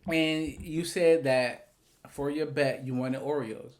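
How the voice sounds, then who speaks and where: A man's voice: on the high side, slow pace. A man co-hosting a podcast in casual chat, joking and teasing his partner. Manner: joking, playful. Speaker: podcast co-host.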